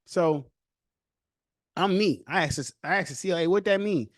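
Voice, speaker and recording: A young man hosting a podcast, telling his own story casually with loose street slang and animated retellings. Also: on the high side, moderate pace, dry recording, clean studio sound.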